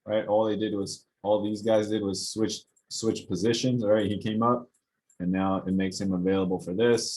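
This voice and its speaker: A young man, a basketball trainer, casually talking through game footage, getting animated and exasperated as he goes. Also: on the low side, rough recording. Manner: animated, gets worked up and exasperated. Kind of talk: casual film-breakdown commentary.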